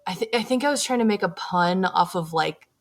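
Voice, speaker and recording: A woman's voice: medium pitch, animated, brisk. A young woman co-hosting a podcast, talking casually about her game character, chatty, with frequent laughs and fillers. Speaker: podcast co-host. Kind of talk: casual chat.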